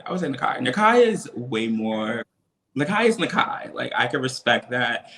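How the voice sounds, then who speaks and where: A man talking casually as a guest in a video-call interview, animated and laughing often. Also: medium pitch, moderate pace. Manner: animated, laughs often, quotes others in acted voices. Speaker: interview guest, reality TV cast member.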